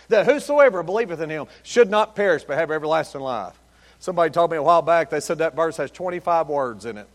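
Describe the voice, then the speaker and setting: A man preaching a sermon, rising to shouted emphasis and dropping to quiet, folksy storytelling. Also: high voice.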